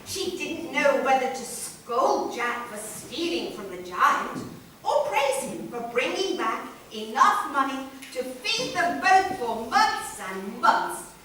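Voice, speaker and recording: A woman telling a children's story aloud to a live audience, playful and expressive. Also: high-pitched, slow pace, recorded from a distance, a little hiss or hum. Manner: expressive, playful sound effects. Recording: echoey room, recorded from afar.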